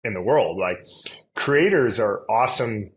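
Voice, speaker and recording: A man's voice: lowish voice, lively intonation, measured pace, low-quality recording. Man chatting loosely as a podcast guest. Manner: loose, rambling, many fillers and restarts. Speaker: guest, influencer marketing agency CEO. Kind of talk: casual conversational interview.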